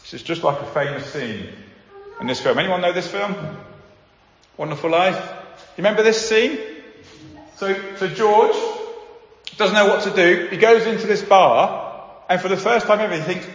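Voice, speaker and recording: A man preaching a sermon, animated and acting out the voices of the people he quotes. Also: high voice, normal speed, long pauses. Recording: echoey hall, dull sound.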